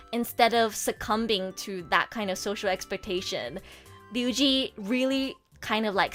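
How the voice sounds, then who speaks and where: A woman streamer chatting casually and excitedly, with lots of fillers and swings into near-tearful gushing. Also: medium pitch. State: emotional, near tears at times. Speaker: VTuber streamer. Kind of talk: casual livestream chat.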